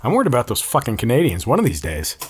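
A man hosting a casual podcast, laid-back and swearing freely, with drawn-out fillers in his banter. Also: medium pitch, huge pitch swings, breathy edge. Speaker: podcast host.

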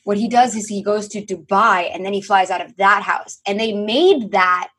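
A young woman, a podcast guest, telling stories in a lively, animated way, acting out quotes and swearing casually. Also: medium pitch, normal speed, breathy edge. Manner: animated storyteller, acts out quotes, swears freely. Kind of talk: casual conversation.

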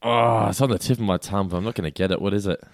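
A podcast co-host with a lowish, steady voice talks rapid-fire in a loose trivia-quiz chat, relaxed but hesitant, often restarting and laughing frequently. The recording is dry and of studio quality.

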